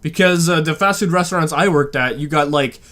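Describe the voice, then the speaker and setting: A man hosting a reaction video, chiming in with quick excited comments. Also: fairly high pitch.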